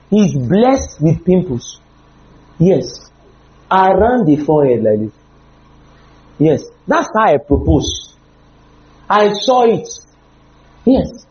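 A man preaching a humorous, animated sermon with sudden loud outbursts. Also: high-pitched, reverberant, lo-fi sound.

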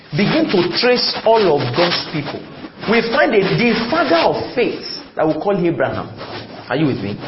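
A man preaching a sermon, emphatic and repetitive, questioning the congregation and waiting for replies. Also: sits high. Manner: call-and-response, asks the congregation questions; emphatic, repeats phrases. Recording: echoey, slightly muffled, faint room noise.

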